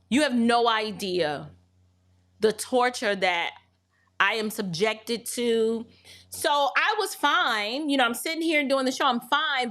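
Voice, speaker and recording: A middle-aged woman hosts a livestream, talking to her viewers in a flustered, casual way. Her voice is high and somewhat bright.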